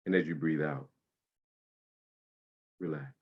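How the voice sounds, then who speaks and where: A man leading a guided breathing meditation, speaking slowly and soothingly with long pauses. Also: extremely low pitch, steady tone, breathy edge, narrow, tinny audio.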